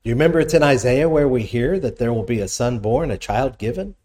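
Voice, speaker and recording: A man's voice: mid-range voice, fast, a little mellow. Male pastor, conversational sermon delivery, reads verses aloud then explains them, asks the congregation questions.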